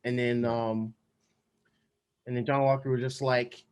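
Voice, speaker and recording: A man's voice: mid-range voice, flat delivery, measured pace, darkish tone, smooth. A man co-hosting a podcast, casually recapping a TV episode in a loose, rambling way with lots of slang and fillers. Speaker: podcast co-host. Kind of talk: casual chat.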